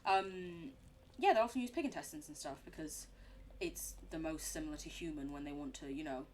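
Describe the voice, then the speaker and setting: A woman's voice: deep voice, brisk, a little mellow, a little hiss or hum. Giggly woman streaming a game. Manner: chatty, giggly, rambling asides. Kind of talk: live game commentary.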